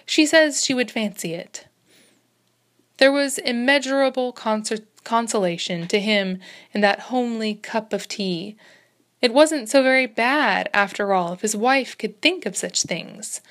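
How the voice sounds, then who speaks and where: A woman reading a classic story aloud in a steady, even narration style, sometimes correcting herself. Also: a little high, unhurried. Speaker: reader.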